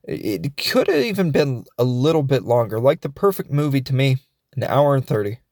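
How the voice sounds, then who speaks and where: A man's voice: medium pitch, no echo, clean studio sound. A man hosting a show, casually recapping and reviewing a film in a jokey, offhand way, briefly acting out the characters' lines. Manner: animated retelling, acting out characters' lines in quick voices.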